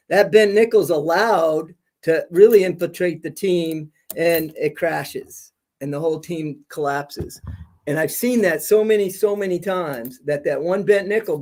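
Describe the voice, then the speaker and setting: A man's voice: high voice, darkish tone. A middle-aged man, a school principal, telling stories on a video-call podcast with lots of energy and laughter. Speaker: high school principal, guest. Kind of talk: casual podcast interview storytelling.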